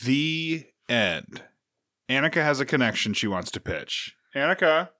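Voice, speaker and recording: A man's voice: medium pitch, big pitch swings, a little fast, pushed and bright, no echo, clean studio sound. A man co-hosting a podcast, chatting casually in loose, jokey, profane banter. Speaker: podcast co-host. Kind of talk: casual chat.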